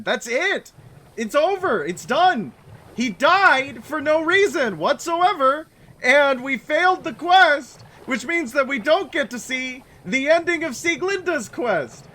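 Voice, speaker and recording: Young male gamer, high and bright, slow exasperated rant while playing. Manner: exasperated, repetitive ranting. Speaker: video game player. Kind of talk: let's play commentary.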